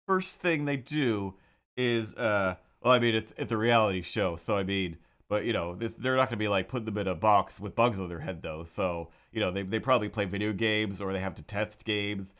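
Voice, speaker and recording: A man's voice: on the low side, fairly bright tone. A man hosting a drawing livestream, chatting casually in a rambling, sarcastic way with frequent restarts. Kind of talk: casual chat.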